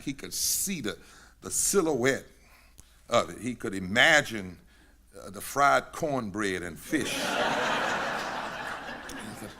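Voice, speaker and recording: A man preaching a sermon at a synagogue gathering, rhythmic and repetitive, building to shouted climaxes. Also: mid-range voice, gravelly. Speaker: pastor.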